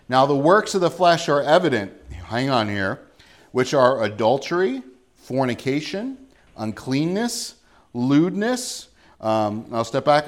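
A man preaching a sermon, reading scripture aloud and explaining it in a conversational way, asking the congregation questions. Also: medium pitch. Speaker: pastor.

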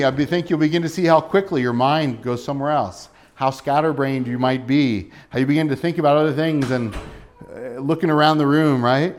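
A man in his thirties preaching a sermon in a conversational way, asking his listeners questions. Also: a little high. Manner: conversational, asks the congregation questions. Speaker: pastor.

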